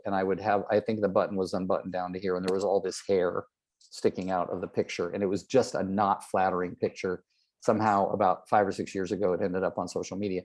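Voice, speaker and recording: A man's voice: lowish voice, a little mellow. A man in his sixties, a real estate trainer, giving a motivational talk and acting out the people in his stories. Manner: storytelling, acts out quoted people.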